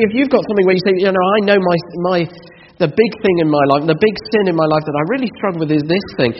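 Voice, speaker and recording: A man gives an earnest sermon, pitching his questions to the room with a lively, swinging voice that sits a little high for a man. His words ring out in a hall with a long reverb. The recording is dull and lo-fi, with faint noise behind. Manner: earnest, rising emphasis and rhetorical questions. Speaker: preacher.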